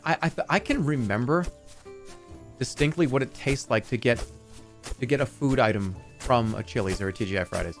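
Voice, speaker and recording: A man chatting casually on a livestream, rambling from one thought to the next and swearing freely. His pitch swings widely, leaping up when he gets worked up and dropping low when he muses. Soft music plays faintly underneath. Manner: rambling, profane, acts out scenes in loud voices. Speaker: streamer.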